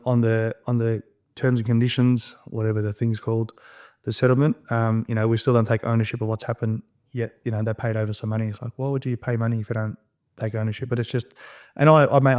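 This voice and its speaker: A man in his thirties talks quickly as a podcast guest. He tells his story in a casual, profane way and acts out every bit of dialogue with energy. His voice sits in the middle range. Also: medium pitch. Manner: rapid, animated, profane storytelling, acting out quoted dialogue.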